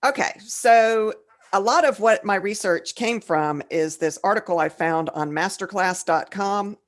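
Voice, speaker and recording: Low-voiced woman podcast co-host. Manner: joking, reads definitions aloud slowly. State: tipsy, slurring slightly. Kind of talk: casual chat.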